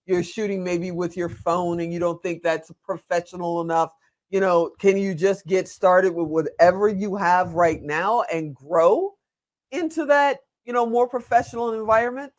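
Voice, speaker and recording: A man's voice: high-pitched, normal speed. A man hosting a casual video interview, chatty and asking long, rambling questions. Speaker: interview host.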